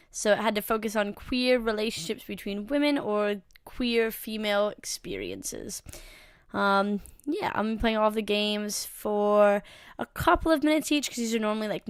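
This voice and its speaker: A woman hosting a game playthrough, chatting softly and reading the dialogue aloud. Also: mid-range voice, smooth, dry recording, clean studio sound. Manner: soft, chatty, unsure asides. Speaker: game channel host. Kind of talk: let's play commentary reading game dialogue.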